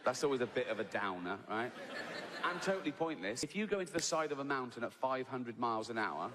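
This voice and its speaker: A man's voice: medium pitch, animated, fast talker, in a large hall, noisy background. A man doing a stand-up routine, chatty and sweary, tagging his lines with "right?". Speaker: stand-up comedian. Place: live venue with audience.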